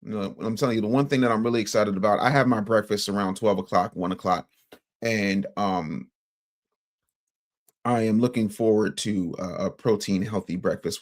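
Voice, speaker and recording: A man's voice: fairly low pitch, moderate pace. An American man hosting a morning news livestream, talking bluntly and sarcastically while reading the chat. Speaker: morning news show host.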